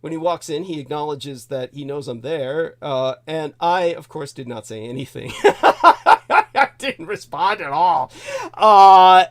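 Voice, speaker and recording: A man with a voice a touch higher than most men tells a long personal story. He wanders off on tangents, circles back and repeats key phrases, chuckling as he goes. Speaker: host. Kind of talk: rambling spoken storytelling.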